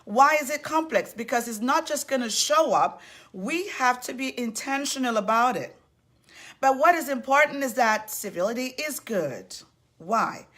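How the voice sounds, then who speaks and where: A woman's voice: fairly high pitch, expressive, normal speed, fairly bright tone. Effusive woman hosting a live stream. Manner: effusive and upbeat, repeatedly welcoming people. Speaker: host of an online civility series. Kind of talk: live-streamed talk greeting viewers by name.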